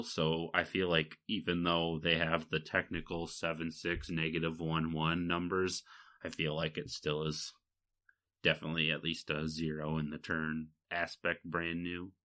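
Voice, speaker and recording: In a casual podcast chat, a Michigan-born co-host rambles, using fillers and laughing. His low voice has a level, sharp tone and moves at normal speed.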